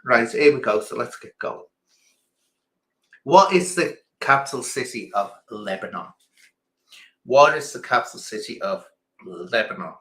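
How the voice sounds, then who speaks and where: A man's voice: mid-range voice, animated, a little slow, pauses often, fairly bright tone. A man hosting a quiz on a livestream in casual chat, theatrical and grand in a self-mocking way, calling his listeners darling. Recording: echoey room.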